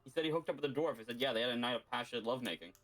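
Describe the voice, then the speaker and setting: A man's voice: mid-range voice, very fast, a bit bright, rough recording. A man playing a tabletop game, chatting playfully about his character's actions. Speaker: player. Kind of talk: casual tabletop game chat.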